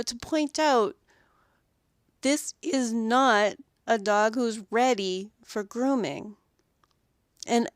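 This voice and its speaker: A woman hosting a podcast about dog grooming, telling animated stories about her week and acting out the owners and dogs. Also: a little high, clean tone, no room sound, studio quality. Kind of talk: solo podcast monologue.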